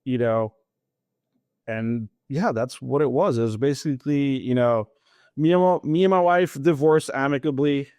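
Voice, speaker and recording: The speaker, a podcast interview guest in his thirties, shares his story in a casual, lively manner, with plenty of laughter and acted-out exchanges. His medium-pitched voice has a clean tone and moderate pace, in a dry, studio-quality recording.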